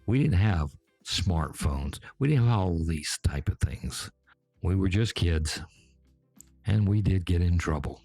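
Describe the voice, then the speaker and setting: A man in his seventies with a Georgia accent telling folksy tales in an unhurried way, talking straight to his listeners. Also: deep voice, expressive, gravelly, mellow, dry recording, faint music behind. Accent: Southern US, Georgia. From Georgia, USA. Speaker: storyteller host. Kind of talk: folksy spoken storytelling. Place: back porch.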